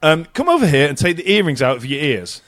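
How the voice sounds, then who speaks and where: A man's voice: on the high side, very animated, quick pace, fairly bright tone, dry recording. Stammery guy hosting a chat. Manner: stammering restarts, swears casually, laughs often. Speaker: podcast host. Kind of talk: casual podcast chat.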